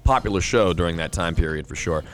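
Quizmaster man, lower voice, upbeat announcer style with light music behind. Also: quick pace, fairly bright tone. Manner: upbeat announcer who repeats each question and banters between rounds. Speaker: pub trivia quizmaster. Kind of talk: casual podcast quiz announcing.

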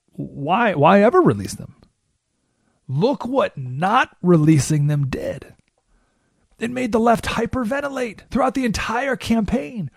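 A man hosting a talk radio show, telling stories with animated delivery and asking rhetorical questions. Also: high voice, vocal fry, husky, no room sound, studio quality. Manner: animated storytelling with frequent rhetorical "right?"; acts out quoted voices.

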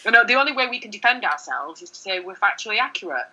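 Bright, husky middle-aged woman. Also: mid-range voice, quick pace, poor audio. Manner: candid and animated, many fillers and restarts. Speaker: journalist, interview guest. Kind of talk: conversational interview.

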